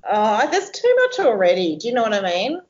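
A middle-aged woman, animated and exclamatory in a casual chat. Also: mid-range voice, a little fast, background noise. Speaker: podcast co-host. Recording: dull lo-fi sound.

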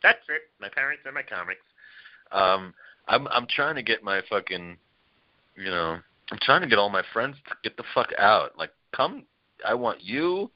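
Joking, swearing man with a low voice. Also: very animated, normal speed. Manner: laughs often, swears freely, loose and joking. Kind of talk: casual conversation. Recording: dull lo-fi recording.

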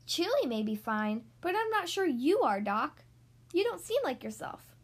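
A woman's voice: sits high, very animated, normal speed. Take-charge toy hippo in a storybook, woman reading, matter-of-fact. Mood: concerned.

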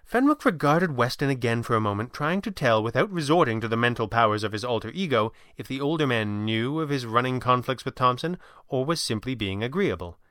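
A man reading a story aloud in a measured, even manner. His voice is bright and crisp, close and dry on the mic. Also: medium pitch, no room sound. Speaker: narrator. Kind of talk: audiobook narration.

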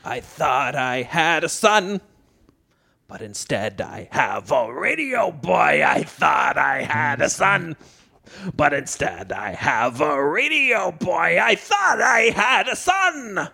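A man's voice: on the high side, animated, moderate pace, vocal fry, few pauses, a bit bright, no room sound, studio quality. A man voicing a grumpy old father who complains about his prunes, in a comedy improv scene. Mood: mournful. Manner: whiny, complaining.

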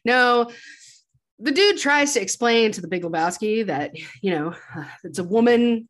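A woman's voice: on the high side, unhurried. A woman co-hosting a podcast, animatedly retelling a film's plot in casual conversation. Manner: animated, chatty retelling with laughs. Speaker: podcast co-host. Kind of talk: casual film recap.

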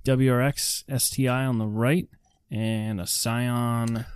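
A man's voice: medium pitch, flat delivery, slow pace, clear, resonant tone, no room sound. A man from the northeastern United States in a casual chat about a movie, joking and acting out characters' lines. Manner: playful, jokey, acts out characters' lines. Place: indoor room near a heater.

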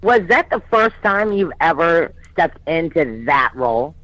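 A woman hosting a casual chat, talkative, often laughing and adding quick asides. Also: low voice, very animated, a bit bright, no room sound, muffled recording.

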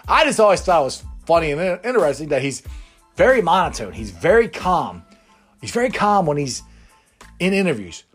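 A man's voice: fairly high pitch, sing-song, a little fast, breathy edge, faint music behind. A man hosting a sports talk show, rambling casually and chuckling as he chats. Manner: rambling and chatty, laughs often.

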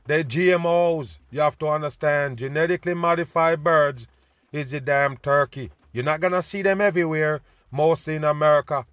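A man giving a loud, preachy, profane rant over news clips, repeatedly addressing his listeners as people. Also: fairly high pitch, a little fast, dry recording. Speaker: host.

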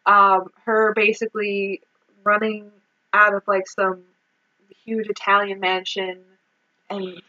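A woman's voice: mid-range voice, little pitch movement, slow, pauses often, pushed and bright, muffled recording. A woman co-hosting a podcast, recapping a movie in casual chat, exasperated, swearing and laughing as she goes. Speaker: podcast co-host.

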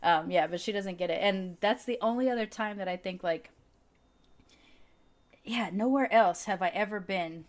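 American woman guest on a chatty podcast, animated, laughs a lot. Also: mid-range voice, moderate pace, pauses often. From United States. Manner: animated storyteller, laughs often. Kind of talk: casual conversational interview.

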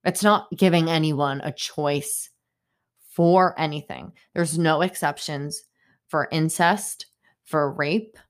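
A young woman hosts a solo podcast from her home in Boston, speaking slowly in a deep voice. Her talk is a rambling stream of consciousness full of fillers, and she sounds upset and indignant.

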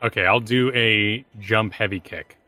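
A man's voice: on the low side, steady tone, measured pace, sharp tone. A man playing in a tabletop game, calling out his moves and dice results. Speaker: player.

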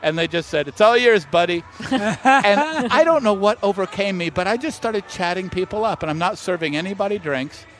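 A man's voice: high-pitched, a little fast, few pauses. A middle-aged man, a master distiller, telling anecdotes in a casual interview and acting out the people in them. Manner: animated anecdote-teller who acts out quoted voices.

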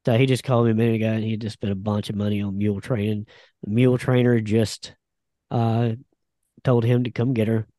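A man's voice: on the low side, flat delivery, brisk, dark tone, no room sound. A man telling a story in a laid-back, rambling way, with lots of fillers. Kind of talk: casual chat.

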